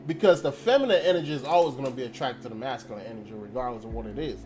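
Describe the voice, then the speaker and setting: A young adult man, a channel host, rattles off a blunt, profane casual rant at rapid-fire speed, telling a story and acting out quoted dialogue. His voice is medium-pitched with a darkish tone, and faint music plays behind him.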